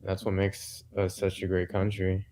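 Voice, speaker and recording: Man, lowish voice, hesitant, agreeable, lots of ums, casual video chat. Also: completely flat delivery, moderate pace, darkish tone. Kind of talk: casual conversation.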